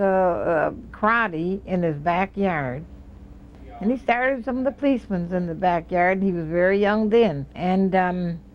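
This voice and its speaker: Woman remembering stuff, kinda halting, muffled lo-fi recording, bit of hiss. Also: medium pitch. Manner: hesitant, halting. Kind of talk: casual recollection. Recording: dull, slightly noisy recording.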